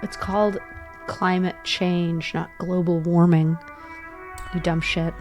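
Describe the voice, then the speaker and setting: Deadpan woman with a lowish voice. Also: takes it slowly, faint music behind. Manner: deadpan, dry jokes. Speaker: co-player. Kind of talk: casual let's-play chat.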